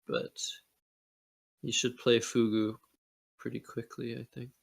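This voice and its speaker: A man's voice: medium pitch, little pitch movement, takes it slowly, vocal fry. A man giving live commentary on a board game match, joking and sarcastic. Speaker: Scrabble commentator.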